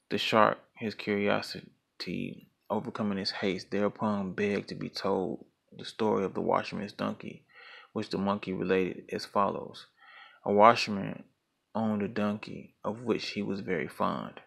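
A man reading a folktale aloud as a storyteller, in a measured, steady narration. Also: lowish voice, gravelly.

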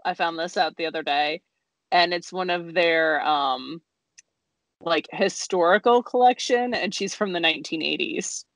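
A woman's voice: lowish voice, unhurried, fairly bright tone, no echo. A woman co-hosting a craft podcast, chatting casually with lots of laughs and fillers. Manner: giggly, rambling with many fillers. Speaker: podcast co-host. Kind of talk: casual chat.

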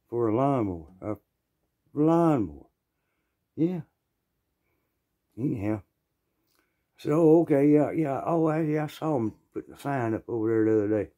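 Southern man, low-ish relaxed tone, folksy storyteller, clears his throat a lot. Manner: folksy, rambling, plainspoken. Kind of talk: casual storytelling.

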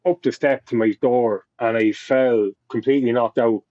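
A young Irish man with a mellow, darker voice tells a personal story in a loose, rambling way. He swears often and keeps restarting his sentences. The sound is dry and slightly dull, like a lo-fi podcast mic. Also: mid-range voice, steady tone, moderate pace, dry recording. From Ireland. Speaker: podcast guest. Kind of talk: casual storytelling.

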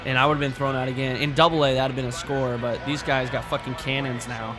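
A young man giving excitable, profane gameplay commentary as a let's play host, talking to himself as he plays. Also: medium pitch, fairly quick, music in the background.

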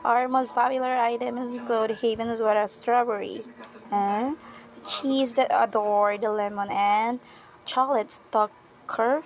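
A woman's voice: fairly high pitch, fairly even intonation, a little slow, low-quality recording. A woman reading a chatty dessert-shop server who rattles off a menu and halts on odd words. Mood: eager.

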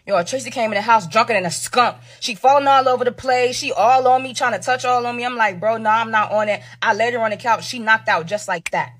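A woman's voice: on the high side, quick pace, few pauses, fairly bright tone. A woman reading a dramatic story aloud, full of slang and asides to the viewers.

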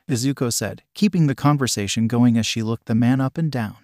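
A man's voice: medium pitch, brisk, few pauses, darkish tone, no echo, clean studio sound. Man reading a fan story aloud. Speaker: narrator.

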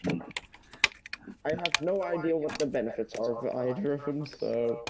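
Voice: mid-range voice, a little slow. A co-host on a live stream chatting casually and teasing the host. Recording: distant voice with light noise.

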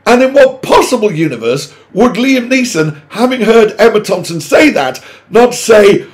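A middle-aged man, talking to camera in an exasperated, sweary rant with sudden loud outbursts. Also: sits high, sing-song, moderate pace. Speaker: vlogger. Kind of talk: opinionated monologue to camera.

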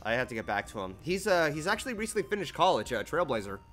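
Male streamer, casual chat, lively bright delivery, curses and laughs while reading text. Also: fairly high pitch, fast talker, faint music behind. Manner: swearing, laughing, reading on-screen text aloud. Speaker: streamer playing a game with friends.

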